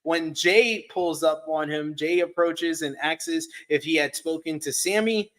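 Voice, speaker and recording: A man's voice: fairly high pitch, measured pace, a bit bright. Man recapping wrestling, casual. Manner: recaps events in detail, conversational. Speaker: podcast co-host. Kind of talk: casual wrestling review chat.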